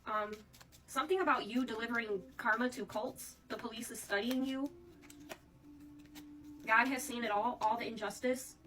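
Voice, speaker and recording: A woman's voice: a little high, steady tone, normal speed, long pauses, fairly bright tone, far from the mic, low-quality recording. A woman giving a casual tarot reading, chatting to her viewers and often calling them "Divine Collective". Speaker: tarot reader.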